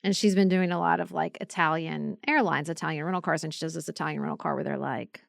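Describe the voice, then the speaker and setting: A woman's voice: sits low, steady tone, quick pace, vocal fry, hardly any pauses, dry recording, clean studio sound. A woman, co-hosting a podcast and chatting in a casual way, telling travel stories and acting out the people she met. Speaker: podcast co-host. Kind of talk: casual chat.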